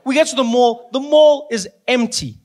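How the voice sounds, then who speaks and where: A male stand-up comedian telling stories in an animated way, acting out scenes and laughing through his lines. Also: very high-pitched, normal speed, noisy background. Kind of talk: stand-up storytelling.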